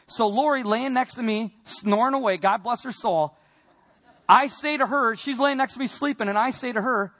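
A man from Wisconsin giving a personal testimony in a sermon, telling his story earnestly and moving between quiet and emphatic passages. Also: extremely high pitch, normal speed.

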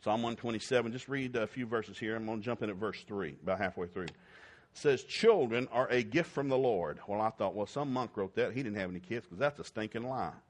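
A man's voice: lowish voice, quick pace. Folksy joking male preacher. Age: middle-aged. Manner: folksy, joking, swings from loud whoops to quiet talk. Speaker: pastor. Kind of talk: sermon.

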